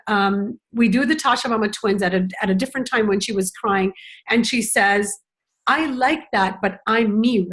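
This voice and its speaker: Reflective middle-aged woman educator. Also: mid-range voice. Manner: reflective, earnest, many "you know" fillers. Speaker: parenting educator. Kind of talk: conversational conference talk.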